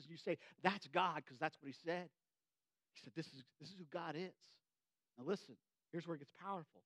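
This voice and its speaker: A man preaching a sermon as pastor, swinging between loud, emphatic bursts and hushed, low asides. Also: a little fast, no echo.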